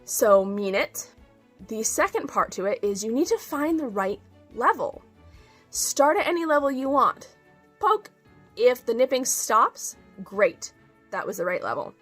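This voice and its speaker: A woman dog trainer giving an instructional talk, emphatic and expressive, acting out little examples as she explains. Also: a little high, measured pace, soft background music.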